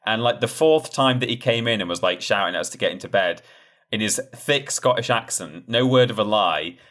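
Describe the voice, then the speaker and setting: A young man with a fairly low voice tells stories during a casual podcast chat. His delivery is lively, and his pitch climbs when he gets excited. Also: fairly quick. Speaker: podcast co-host.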